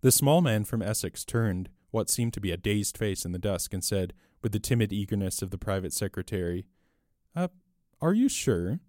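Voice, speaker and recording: A man narrating a story aloud in a measured, clear audiobook delivery. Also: fairly low pitch, steady tone, a little mellow, no echo, studio quality.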